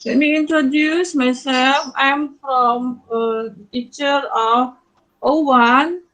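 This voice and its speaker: A woman's voice: high-pitched, fairly even intonation, slow pace, fairly bright tone, rough recording. A woman with an Indonesian accent, a teacher moderating an online student competition in English.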